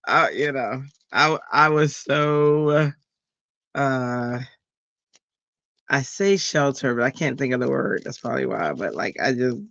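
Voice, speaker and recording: A man's voice: mid-range voice, creaky, no echo, highs cut off. Chatty middle-aged man hosting a craft stream. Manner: chatty, laughs often, animated storytelling. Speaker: crafting livestream host. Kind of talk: casual livestream chat.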